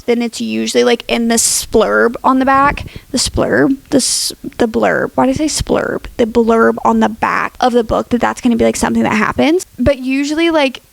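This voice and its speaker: A woman's voice: high voice, gravelly, dry recording. Chatty young woman ranting about books. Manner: chatty, dramatic, lots of "like". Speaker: book YouTuber. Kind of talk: casual opinion vlog.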